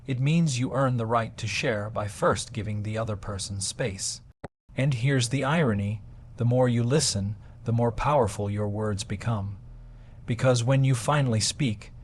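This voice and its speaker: A man delivering a scripted motivational talk on communication, with measured, emphatic pacing and deliberate pauses. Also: lowish voice, slight background noise. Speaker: motivational speaker.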